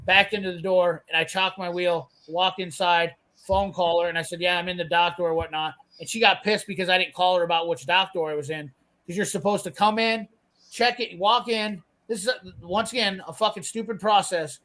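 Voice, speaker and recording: A man's voice: high-pitched, steady tone, a little fast, sharp tone, rough recording. A man, ranting profanely and bluntly as he tells a work story in casual chat. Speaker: host telling a work story.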